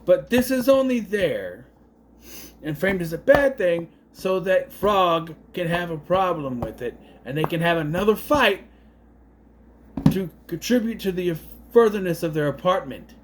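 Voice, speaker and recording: A man giving a casual, rambling film review, full of puzzled asides and quick mocking impressions. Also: sits high, expressive, slight background noise.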